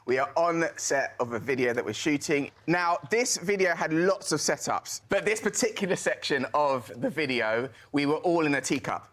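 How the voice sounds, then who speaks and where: A man's voice: on the high side, expressive, normal speed, hardly any pauses, a bit bright. A man on a comic panel show telling an anecdote in an earnest, detailed way.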